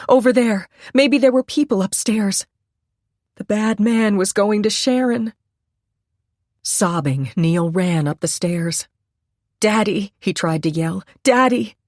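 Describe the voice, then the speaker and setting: A woman's voice: medium pitch, darkish tone, no room sound, clean studio sound. A woman narrating a suspense audiobook in a tense, dramatic reading.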